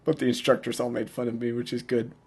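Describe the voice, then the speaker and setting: A man's voice: mid-range voice, little pitch movement, fast talker, a little mellow, a little hiss or hum. A young man giving a casual, self-mocking director's commentary, rambling with lots of filler words.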